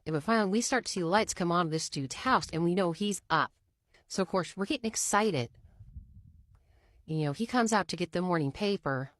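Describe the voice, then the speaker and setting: A woman's voice: on the low side, normal speed, dry recording, clean studio sound. A woman telling a story in a casual, chatty way, often saying "you know".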